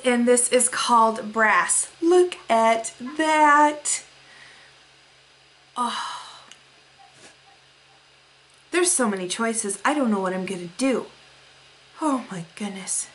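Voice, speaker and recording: A woman's voice: on the high side, animated, takes it slowly, long pauses, a bit bright. A young woman vlogger unboxing mail, gushing with gasps and breathless exclamations as she shows each item. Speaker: beauty vlogger.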